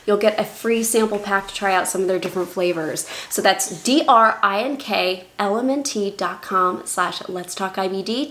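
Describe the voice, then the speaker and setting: A woman's voice: medium pitch, fairly bright tone, slight background noise. A young woman vlogging casually to camera with a phone at arm's length, chatty and anxious, talking herself through it with reassurances. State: numb mouth after dental work, slurred. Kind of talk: casual vlog talk to camera. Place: in a car and outdoors in snow.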